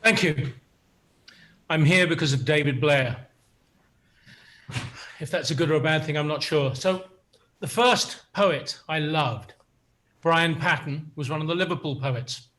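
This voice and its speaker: A man's voice: a little high, measured pace, pauses often, fairly bright tone. An English man in his sixties from south of London reading poetry with dry, wry asides. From England, south of London. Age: 60s. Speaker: guest poet reading.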